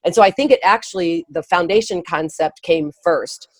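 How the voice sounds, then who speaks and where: A woman guest, an early education speaker and author, explaining her ideas in a conversational interview with quick laughs and restarts. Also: on the low side, no room sound.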